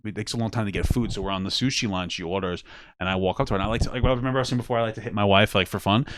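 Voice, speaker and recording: A man's voice: fairly low pitch, rapid-fire, fairly bright tone, no room sound. A man, co-hosting a casual podcast, full of crude jokes and laughter. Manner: crude joking banter, laughs often. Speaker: podcast co-host. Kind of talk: casual chat.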